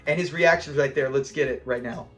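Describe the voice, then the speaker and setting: A man's voice: medium pitch, fairly quick, a bit bright, faint music behind. A man hosting a casual breakdown of a classic sitcom episode, chatty and enthusiastic, often laughing as he recaps scenes. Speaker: show review host.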